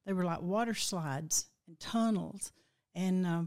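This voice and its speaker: A woman's voice: lowish voice, a little mellow, clear, resonant tone. Older woman, heartfelt and reflective. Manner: heartfelt, slow and reflective, voice breaking with emotion at times. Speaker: guest recounting a dream. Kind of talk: emotional personal storytelling.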